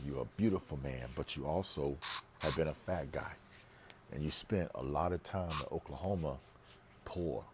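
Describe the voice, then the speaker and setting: A man with an extremely deep, low voice talks straight to the camera in a casual vlog. He hammers his points home by repeating phrases and drifts into rambling asides and restarts. A faint hiss of background noise sits under the recording. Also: darkish tone. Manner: emphatic, repeats phrases for stress. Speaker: pastor and vlogger.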